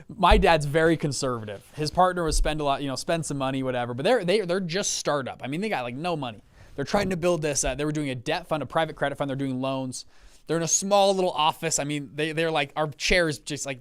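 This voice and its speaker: A young man hosting a casual live webinar over a video call, telling stories with lots of restarts and quick check-ins with his viewers. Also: fairly high pitch, clean tone. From Utah. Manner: animated, storytelling with many restarts and check-ins. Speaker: fund manager and webinar host.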